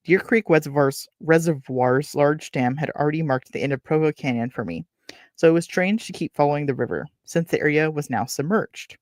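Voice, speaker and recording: A woman's voice: sits low, a little fast, a little mellow, no room sound, studio quality. A woman reading a novel aloud, breaking off for chatty, wry asides and correcting her own slips. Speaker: book reader and streamer. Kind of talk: reading aloud with casual commentary.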